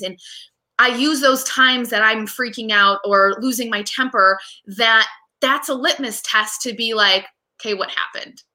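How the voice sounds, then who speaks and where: A woman in her thirties, a real estate agent and mother, chatting as a guest in an animated, talkative way with many fillers and restarts. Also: a little high. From United States. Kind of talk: casual interview chat.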